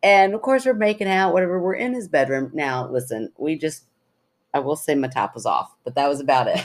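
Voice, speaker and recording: A woman with a slightly low voice co-hosts a casual podcast. She tells her stories in an animated, chatty way and laughs often. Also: a little fast. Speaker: podcast co-host. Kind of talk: casual chat.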